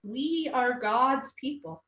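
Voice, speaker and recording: A woman's voice: high-pitched, takes it slowly, fairly bright tone, pitched above the performer's own voice, heavily acted. A woman voicing Moses, a patient, firm male leader in a read-aloud storybook, recorded far from the mic in an echoey room with dull sound. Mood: earnest.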